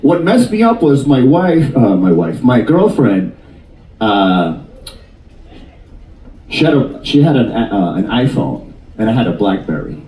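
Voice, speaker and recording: A stand-up comedian in his 50s works the crowd in a cruise ship theater, animated and jokey as he teases the audience. His voice sits at medium pitch and moves unhurriedly, with long pauses. The mic is distant, giving a roomy, off-mic sound.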